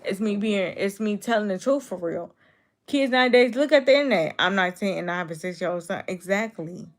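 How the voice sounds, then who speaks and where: A blunt YouTube streamer in her twenties chats casually with viewers on a live stream, repeating herself and talking straight back to commenters. Her voice is medium-pitched with lively intonation and a slightly fast pace.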